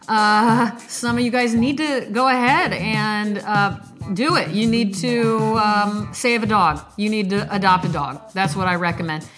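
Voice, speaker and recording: A woman hosting a late-night podcast, reading a poem slowly and emphatically, then chatting emotionally with listeners. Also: mid-range voice. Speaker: podcast host reading poetry. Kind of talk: poetry reading and casual chat.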